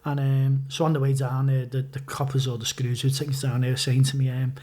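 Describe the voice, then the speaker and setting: A man's voice: medium pitch, monotone, fairly quick, warm tone. A man with a Scouse accent, a podcast guest telling rambling anecdotes with lots of swearing and restarts. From Liverpool. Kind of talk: casual storytelling.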